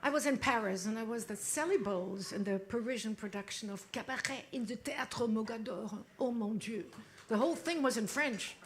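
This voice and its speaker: A cabaret singer from Germany tells stories between songs on a small club stage, teasing the audience into a stage microphone in a playful, theatrical way. Her voice is fairly high-pitched and brisk.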